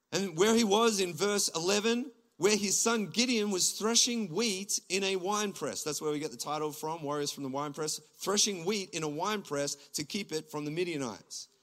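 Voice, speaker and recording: An Australian pastor preaching to his congregation from the stage. His voice sits high and bright, with a ringing edge. He preaches with animated energy and pushes up toward near-shouts as he presses his point. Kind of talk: sermon. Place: church stage before a congregation.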